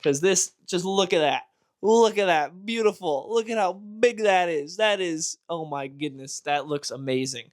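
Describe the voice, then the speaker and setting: Young male vlog host, slightly high voice, enthusiastic comic reviewer. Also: expressive, unhurried. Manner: enthusiastic, gushing.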